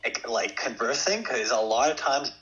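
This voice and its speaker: A man's voice: mid-range voice, lively intonation, moderate pace, pushed and bright, muffled recording. A man co-hosting a podcast in casual chat, hesitant and filler-heavy as he talks it through. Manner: hesitant, many fillers and restarts. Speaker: podcast co-host.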